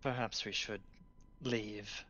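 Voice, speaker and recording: A man playing in a tabletop game, giving short, measured replies. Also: on the low side, steady tone, pushed and bright, muffled recording. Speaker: player.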